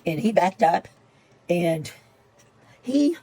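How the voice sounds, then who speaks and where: A woman's voice: fairly low pitch, animated, drawn-out words, dark tone, rough recording. An older woman, chatting casually and rambling as she tells a story while she crafts at home. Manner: rambling, chatty, repeats herself. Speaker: paper-craft vlogger.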